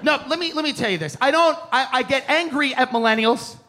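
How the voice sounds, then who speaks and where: A man's voice: extremely high pitch, a little fast, sharp tone, slight background noise. A man with a Long Island accent doing a brash, mocking stand-up set. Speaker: stand-up comedian.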